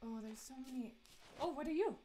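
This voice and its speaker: A woman's voice: high voice, animated, fairly quick, dark tone, a little hiss or hum. A woman streaming a horror game, chatty and giggly as she talks to herself and her chat. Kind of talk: live let's play commentary.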